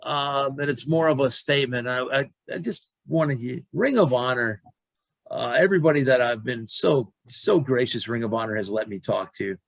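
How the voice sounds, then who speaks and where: Gravelly man hosting an interview. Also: mid-range voice, normal speed, no echo, poor audio. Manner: rambling, with many fillers and restarts. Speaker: interviewer, host. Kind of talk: casual interview.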